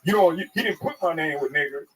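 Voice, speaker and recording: A comedian telling a story in casual talk, crude and animated, acting out what others said. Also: male voice, on the high side, fast talker, breathy edge. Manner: animated, crude, acts out quotes. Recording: distant mic.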